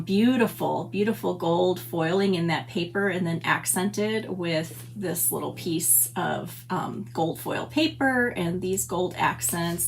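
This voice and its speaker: Slow, gushing woman crafting host. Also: on the low side, slight background noise. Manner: chatty, gushing, greets viewers by name. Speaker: papercraft livestream host. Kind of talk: casual livestream chat. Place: home stamp room.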